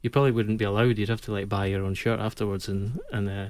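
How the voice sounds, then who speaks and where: A man's voice: on the low side, steady tone, quick pace, darkish tone. A man on a football podcast panel, answering in a hesitant, self-deprecating way with restarts. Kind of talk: casual sports podcast chat.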